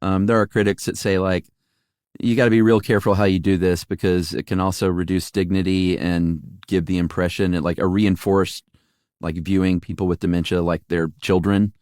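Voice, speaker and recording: Casual podcast co-host, male, lowish voice, relaxed and hesitant, dry close mic. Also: moderate pace, clear, resonant tone, no echo. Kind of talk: casual chat.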